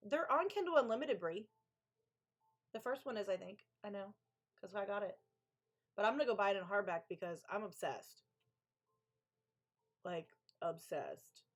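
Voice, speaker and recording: A woman author hosting a co-working live stream, chatting casually, gushing and talking back to her chat. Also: mid-range voice.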